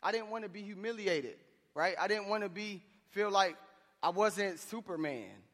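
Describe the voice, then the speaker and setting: A man with a high voice preaches a sermon, speaking in an impassioned, conversational way with slangy asides. His voice carries through a large church hall, trailing a long reverb behind every phrase. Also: animated, normal speed, fairly bright tone.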